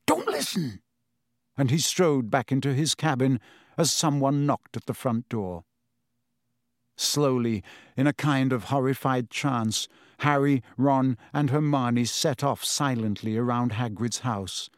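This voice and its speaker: Here a man with a mid-range voice delivers scripted audiobook narration, telling the story in a measured, steady way. The sound is dry and clean, straight from a studio.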